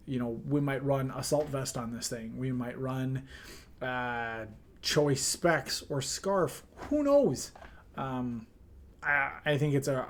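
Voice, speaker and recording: A man talking through his team in a casual review, easygoing and a little goofy. He drops plenty of "um"s and fillers and slips in playful slang as he goes, his pitch sitting right in the middle for a man. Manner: loose and chatty, many "um"s, playful slang. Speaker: draft league team manager.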